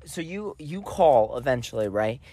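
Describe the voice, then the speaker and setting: A man's voice: medium pitch, normal speed. A man co-hosting a podcast, telling a family story in casual chat and acting out relatives' lines in quoted voices. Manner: animated, acts out family members in quoted voices. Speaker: podcast co-host.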